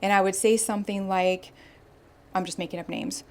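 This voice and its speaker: A young woman hosting a podcast, retelling a listener's story in a casual, animated way and acting out the people in it. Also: medium pitch, moderate pace. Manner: animated, acts out quoted voices. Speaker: podcast host.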